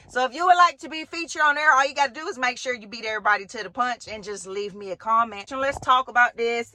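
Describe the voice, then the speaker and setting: Animated woman vlogging, bright voice. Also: high-pitched, no room sound. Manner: animated, talks straight to viewers with slang and swearing. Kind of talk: storytime vlog.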